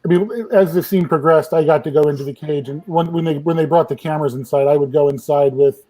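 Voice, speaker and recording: In a low-quality recording, a man with a slightly high voice and quick pace recounts stories from behind the scenes as a film still photographer. Chatting casually with a group, he acts out what people said in animated fashion.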